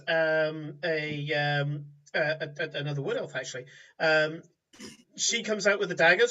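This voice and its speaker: A man leads a tabletop game with a high, bright voice, chatting and laughing as he narrates. The sound is dull and lo-fi, like an online call. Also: far from the mic. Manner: chatty, laughing, restarts while describing. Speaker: game master.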